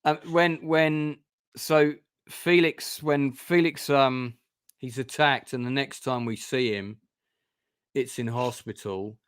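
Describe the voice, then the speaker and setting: A man's voice: mid-range voice, fairly even intonation, takes it slowly, clean tone, no echo, studio quality. A man hosting a casual review discussion, retelling scenes in a rambling way with frequent restarts. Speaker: host of a review channel.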